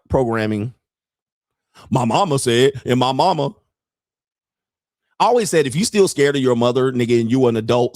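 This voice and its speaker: A man's voice: medium pitch, no echo. Fifties guy ranting on his show, cussing and mocking, laughs at his own jokes, dead dry mic. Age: 50s. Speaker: host. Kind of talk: comedic rant. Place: home studio.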